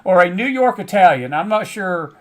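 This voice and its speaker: Folksy Southern man with a raised pitch. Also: lively intonation, moderate pace, fairly bright tone. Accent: Southern American. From American South. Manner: folksy, chatty, frequent laughs and asides. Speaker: host. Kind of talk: casual monologue to a live online audience.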